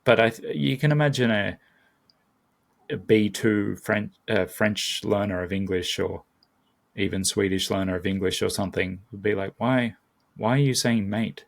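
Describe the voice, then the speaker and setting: A man's voice: fairly low pitch, steady tone, moderate pace, gravelly. A man with an Australian accent, chatting casually as a guest and often breaking off to restart his thought. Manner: chatty, self-interrupting. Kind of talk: casual conversation.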